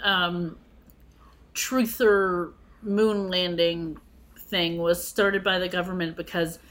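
A woman co-hosting a casual podcast chat, skeptical and quick to sum up the other host's points. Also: lowish voice, steady tone, fairly bright tone. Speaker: podcast co-host.

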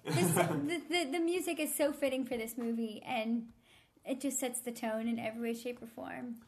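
A woman's voice: fairly high pitch, normal speed, darkish tone. A woman co-hosting a podcast in casual chat, enthusiastic and giggly. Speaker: podcast co-host.

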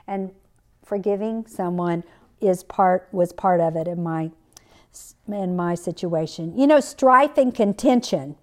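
A woman giving a personal, conversational devotional teaching as a podcast Bible teacher, with many fillers and restarts. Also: medium pitch.

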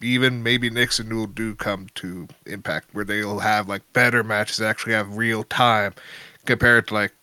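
A man with a lowish, bright and smooth voice co-hosting a casual wrestling podcast. He gives opinionated, earnest takes. The recording is dry and close. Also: fairly even intonation, normal speed, no echo. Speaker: podcast co-host.

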